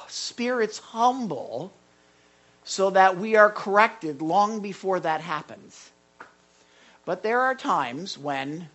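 A male pastor preaching a sermon in an animated way, repeating words and adding asides. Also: fairly high pitch.

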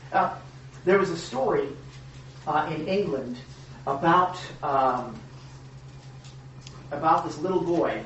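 A man's voice: a little high, expressive, slow, pauses often, a bit bright, slight background noise. A man delivers a sermon in an easy, conversational style, looping back on himself and tossing in asides to his listeners. The sound is heavily reverberant and picked up from a distance, as though the mic hangs at the back of a large hall. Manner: conversational, rambling with restarts and rhetorical "right?". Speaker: pastor. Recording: echoey room, mic far off.

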